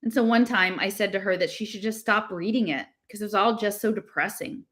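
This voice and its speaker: A woman reading a novel aloud, at a middle pitch. Her delivery is casual and conversational, and she breaks off now and then to laugh and comment on the text. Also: brisk, a bit bright. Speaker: reader.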